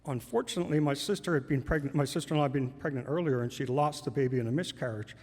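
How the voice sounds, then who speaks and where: A man with a mid-range, darkish voice speaks at a quick pace, sharing a personal story with a live audience from a stage in a large hall. Conversational and amused, he laughs through lines, with long hall reverb on the recording.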